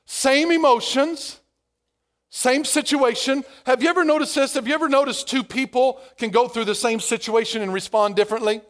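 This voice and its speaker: A male pastor preaching a sermon in an animated way, acting out inner voices as he goes. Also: extremely high pitch, moderate pace.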